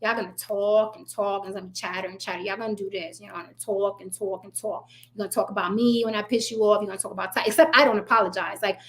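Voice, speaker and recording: A woman's voice: medium pitch, steady tone, fast, hardly any pauses, a bit bright, a little hiss or hum. A woman hosting her own commentary channel, ranting bluntly and sarcastically, swearing freely and talking straight to her viewers.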